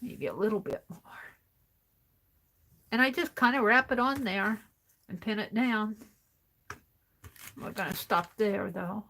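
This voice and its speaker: A woman talks through a crafting demonstration, murmuring to herself and often dropping to a half-whisper. Her pace is slow and unhurried, and her voice has a gravelly edge. A faint hiss sits behind her. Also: mid-range voice, sharp tone. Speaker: mixed-media art streamer.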